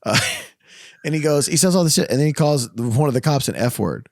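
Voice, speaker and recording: A man's voice: fairly high pitch, animated, fairly quick, creaky, darkish tone, dry recording, studio quality. Profane, heated man ranting on a podcast. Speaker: podcast co-host. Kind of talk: casual podcast chat. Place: podcast studio.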